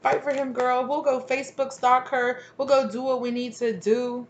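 A woman's voice: high voice, little pitch movement, normal speed, lo-fi sound, slight background noise, voice pushed up, lightly acted. A woman doing a sassy, cheering girlfriend. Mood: hyped. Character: pushy young woman friends egging someone on.

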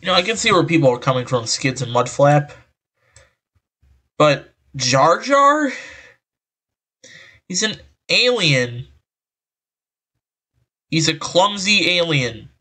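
A man's voice: on the high side, animated, unhurried, long pauses, pushed and bright, breathy edge. A man reading an article aloud and reacting with exasperated, rambling commentary through a voice changer, sighing often. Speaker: online commentator.

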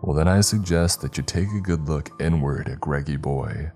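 A man's voice: a bass voice, normal speed, darkish tone, faint music behind. A man voicing a cruel, mocking unseen spirit who claims to be the narrator's brother, with a sneering, taunting manner.

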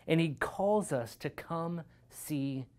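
A man's voice: a little high, takes it slowly, a little mellow. A man, a youth pastor, giving a devotional sermon and reading scripture in an earnest, conversational way, often checking in with "right?".

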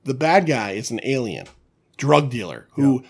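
A man's voice: mid-range voice, big pitch swings, unhurried, vocal fry, breathy edge. A man co-hosting a casual movie podcast, rambling and swearing a lot as he tells stories. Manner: rambling, swears a lot, laughs while talking. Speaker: podcast co-host. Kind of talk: casual chat about movies.

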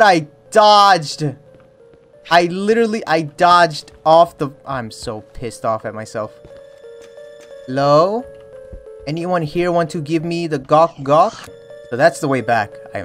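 A young man narrates his horror playthrough in a slightly high, very lively voice. He jokes between scares and breaks into yelps and panicked chatter when something jumps out. Quiet game music plays behind him. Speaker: streamer playing a horror game. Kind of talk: let's play commentary. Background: faint game music.

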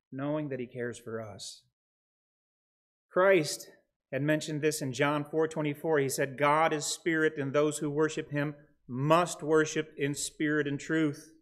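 A middle-aged pastor preaches a sermon to his congregation, earnest and steady, his voice sitting a little high for a man. He reads scripture aloud carefully, with a hint of dry humor.

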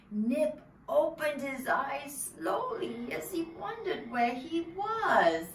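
A woman's voice: sits high, slight background noise. A woman storyteller leading preschool children through a story, coaxing them to join in and counting out actions. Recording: roomy echo from a distance, soft music.

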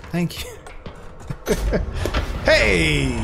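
Male let's-play streamer, excitable and jokey, swears at the game, pitched a bit high. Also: normal speed, music in the background. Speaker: gaming streamer. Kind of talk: casual let's-play commentary.

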